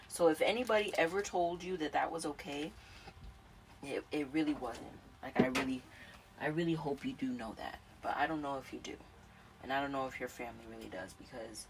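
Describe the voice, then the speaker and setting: A woman's voice: deep voice, distant mic, background noise. A woman speaking in an emotional personal monologue, addressing the listener directly and repeating her points with passion.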